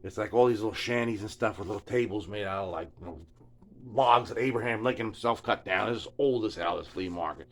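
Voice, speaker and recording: A man's voice: fairly low pitch, a little fast, fairly bright tone. A middle-aged man telling a rambling, casual story in his home workshop. He stammers and mutters, often trailing off into near whispers. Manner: stammering, mumbling, drops to near whispers, lots of filler. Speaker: guitar repair vlogger. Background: furnace.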